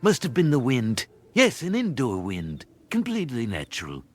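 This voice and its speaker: A man's voice: medium pitch, wildly swooping pitch, moderate pace, over loud music. A man voicing a fretful old miserly tycoon in a podcast recap, with a jumpy, swooping delivery. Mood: uneasy.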